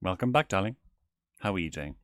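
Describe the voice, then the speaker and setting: A man's voice: low-pitched, animated, brisk. Man doing a flamboyant demon owl prince, Stolas. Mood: playful. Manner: theatrical, calls people darling, giggly. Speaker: streamer. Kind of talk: in-character gameplay livestream.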